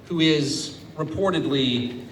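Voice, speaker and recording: A man's voice: on the high side, slow pace, a little hiss or hum. Sarcastic American man giving a speech. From United States. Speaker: guest speaker. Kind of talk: public speech to an audience. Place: event venue before an audience. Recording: echoey venue, distant mic, background ambience.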